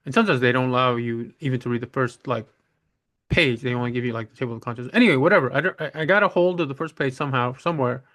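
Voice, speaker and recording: A man's voice: mid-range voice, fast, fairly bright tone. Rambling, blunt-spoken man on camera. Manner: rambling, blunt and opinionated, with frequent restarts. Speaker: book vlogger. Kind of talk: casual unscripted on-camera monologue.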